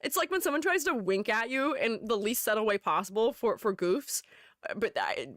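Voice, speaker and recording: With a fairly high, expressive voice at a moderate pace, this woman VTuber keeps her livestream chat light and playful. She giggles a lot and talks to herself, and her fairly bright tone comes through clean studio audio with no room sound.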